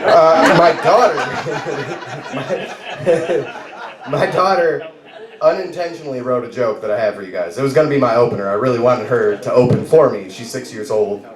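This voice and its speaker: A man's voice: mid-range voice, moderate pace, some chatter behind. A man in his thirties doing a stand-up comedy set, rambling and laughing at his own jokes. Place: bar stage, live open mic. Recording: roomy bar with echo.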